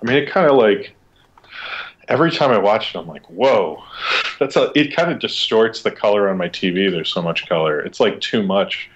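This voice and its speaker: A man's voice: lowish voice, animated, a little fast. A man co-hosting a casual podcast, talking enthusiastically and rambling with lots of fillers. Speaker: podcast co-host. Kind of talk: casual chat. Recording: slightly dull lo-fi mic with faint hiss.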